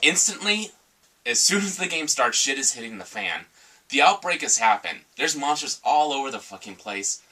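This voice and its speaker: Male co-reviewer, blunt and profane, mid-pitched and bright, picked up from across the room. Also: very animated, normal speed, husky. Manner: blunt and profane, mock-quotes in a sarcastic voice. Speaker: game reviewer. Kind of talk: casual review chat. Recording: voice from far off the mic.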